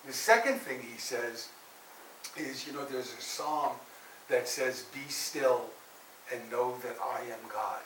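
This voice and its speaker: Male minister preaching in an echoey hall, mic set back, faint hiss, storyteller who swings from loud to soft. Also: mid-range voice, slow. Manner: animated storyteller, rising loud for drama and dropping soft for quiet lines. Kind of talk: sermon storytelling. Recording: roomy echo, heard from a distance, faint hiss.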